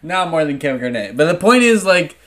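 A man talking as a podcast guest, rambling and animated, swearing freely. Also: on the high side, brisk. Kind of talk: casual chat.

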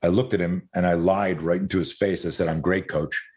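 A man's voice: sits low, level tone, fairly quick, warm tone. A middle-aged man from Canada, a podcast guest, telling stories in a loose, rambling way, swearing casually and drifting into tangents.

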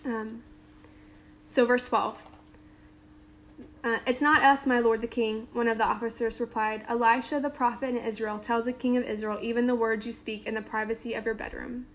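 A woman's voice: on the high side, level tone, normal speed, a little hiss or hum. A woman giving a casual Bible teaching to a small group, reading scripture aloud and then retelling it in everyday talk with lots of "like" and "um". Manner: conversational, lots of "like" and "um"; reads scripture aloud then paraphrases informally.

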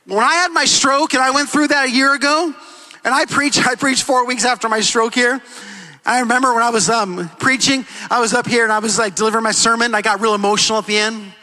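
A man's voice: very high voice, fairly even intonation, fairly quick, bright, forceful tone, rough recording. A middle-aged man preaching a sermon as pastor, emphatic and repetitive, acting out quotes.

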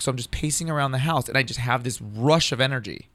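A man's voice: medium pitch, fast talker, a bit bright, no room sound. A man telling a long personal story in casual, profane, rambling talk, acting out what others said.

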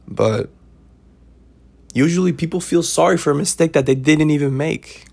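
A man's voice: fairly high pitch, animated, moderate pace, vocal fry, darkish tone, breathy edge. A man hosting a podcast, talking casually and preachily about life lessons, repeating himself and checking in with "right?". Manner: preachy, repetitive, keeps asking "right?". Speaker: podcast host. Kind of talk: casual advice monologue.

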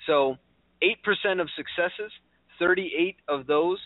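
A man's voice: high-pitched, takes it slowly, dry recording. A man hosting a radio talk show in a casual, chatty way, laughing easily and quizzing his co-host. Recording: tinny phone-like sound.

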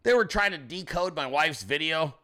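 Man, brash crude host, rambling chat to viewers, lively swinging pitch, bright forceful tone. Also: moderate pace. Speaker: show host. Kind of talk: profane casual commentary.

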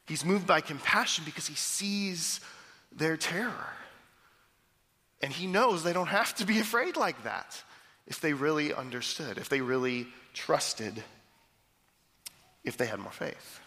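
A man preaching a sermon in a conversational, animated way, often restarting his words. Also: a little high, a little slow, pauses often. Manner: conversational, animated, with frequent repeated starts. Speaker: pastor. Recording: reverberant hall.

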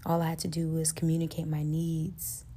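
A woman's voice: completely flat delivery, normal speed, slightly rough. A woman hosting a self-help podcast, talking earnestly and casually with lots of fillers. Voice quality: says her voice is high-pitched and gets loud with passion. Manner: earnest, conversational, lots of fillers like "like" and "you know". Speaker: podcast host.

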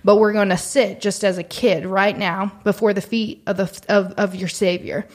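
A woman co-hosting a faith-based podcast, earnest and encouraging, slowing down to guide listeners through deep breaths. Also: flat delivery, a little mellow. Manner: earnest, encouraging, speaks slowly when leading prayerful moments. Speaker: podcast co-host.

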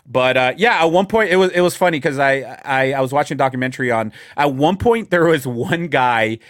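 A man's voice: medium pitch, lively intonation, a little fast, fairly bright tone, dry recording, studio quality. A man co-hosting a casual podcast chat, joking and rambling, laughing often. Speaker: podcast co-host.

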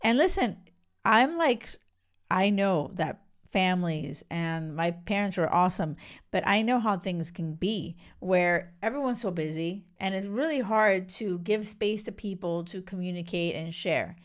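A woman's voice: fairly low pitch, animated, unhurried. A woman hosting a solo podcast as a relationship coach, speaking frankly and candidly in casual talk. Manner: frank, candid, mixes in swearing and laughs.

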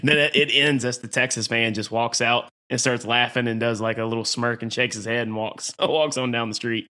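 Male podcast host, bright tone, laughs often in casual storytelling. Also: medium pitch, little pitch movement, moderate pace. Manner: laughs often while telling stories. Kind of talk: casual chat.

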